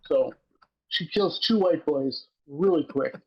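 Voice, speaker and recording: Brief: man with a higher voice, podcast co-host, swearing and laughing through an animated recap, dull lo-fi audio. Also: takes it slowly, breathy edge. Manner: profane, excitable storytelling, laughs while recapping. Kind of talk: casual chat.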